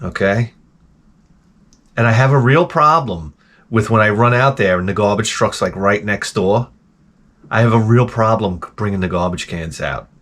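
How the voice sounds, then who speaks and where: A man's voice: on the low side, normal speed, fairly bright tone. A middle-aged man hosting his own show, grumbling through a profane, exasperated casual rant. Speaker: show host. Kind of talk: casual ranting monologue.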